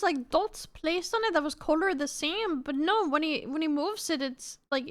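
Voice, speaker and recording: A woman's voice: sits high, fairly bright tone. A woman with a Swedish accent, a Swedish native speaker, chatting casually and laughing as she reacts to videos on stream. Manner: chatty, laughing, greets viewers.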